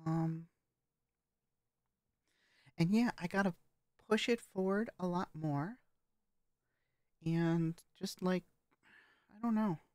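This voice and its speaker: A woman vlogger talking casually about her voice training, hesitant and halting, with frequent swearing. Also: lowish voice, dark tone, no echo. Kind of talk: casual vlog commentary.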